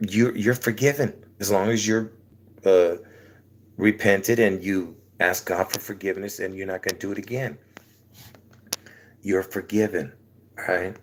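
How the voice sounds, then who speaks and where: On a livestream, a man preaches casually to his channel, rambling along and chuckling between phrases while repeatedly asking "all right?" His voice sits low and sounds sore-throated.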